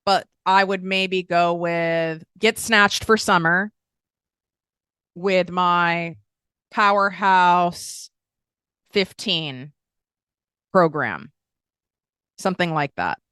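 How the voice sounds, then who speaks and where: A woman hosting a podcast and coaching listeners on online business in a blunt, casual, animated way with frequent swearing. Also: fairly low pitch, very slow, long pauses, smooth, no room sound, studio quality. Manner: blunt, swears freely, animated with emphatic asides.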